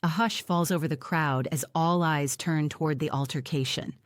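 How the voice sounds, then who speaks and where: A woman narrating a first-person audiobook in a plain, even storytelling manner. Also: deep voice, moderate pace, no echo, clean studio sound.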